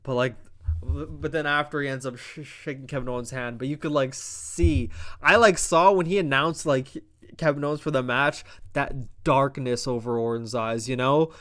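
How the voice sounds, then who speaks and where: A man recapping and reviewing a wrestling show in a casual, excitable, fast-talking way, swearing often and breaking into loud exasperated outbursts. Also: medium pitch.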